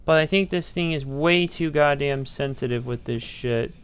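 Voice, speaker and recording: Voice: mid-range voice, moderate pace, clear, resonant tone. A game streamer giving casual, profane commentary while getting frustrated with the controls. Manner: frustrated, swearing, ranting at the game.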